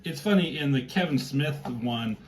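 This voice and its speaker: A man's voice: fairly high pitch, animated, moderate pace, darkish tone, poor audio. A man co-hosting a casual podcast conversation, joking and chiming in. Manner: joking, interjecting. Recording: faint background noise.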